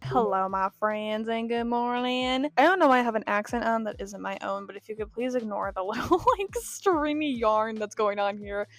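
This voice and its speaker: A young woman chatting casually in a reading vlog, rambling and self-deprecating, with quiet asides now and then. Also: medium pitch, expressive, brisk, few pauses, soft background music. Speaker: book vlogger.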